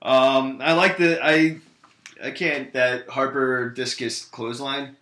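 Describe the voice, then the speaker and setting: A man co-hosting a casual podcast, talking bluntly and brushing off opinions he disagrees with. His voice is bright and forward. The room around him is echoey. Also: medium pitch, fairly even intonation, takes it slowly. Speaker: podcast co-host. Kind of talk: casual wrestling chat.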